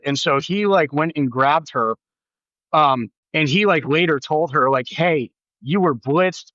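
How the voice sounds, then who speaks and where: A man in his thirties talks in a fairly high voice, spinning a story in loose, casual chat. His voice leaps up when he acts out what others said. It comes through a remote mic, a little dull and dry. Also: no room sound. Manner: animated, acts out quoted voices with big pitch jumps. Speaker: podcast guest.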